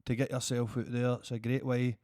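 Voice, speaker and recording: A man's voice: mid-range voice, level tone, fairly quick, a little mellow, no room sound, studio quality. A Scottish man co-hosting a comedy podcast, chatting loosely with many restarts. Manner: rambling, restarts a lot, encouraging. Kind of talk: casual chat.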